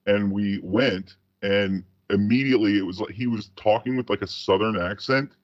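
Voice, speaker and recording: A man's voice: on the low side, normal speed, dry recording, lo-fi sound. A man co-hosting a casual podcast, telling a long rambling story full of profanity and restarts. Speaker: podcast co-host. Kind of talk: casual chat.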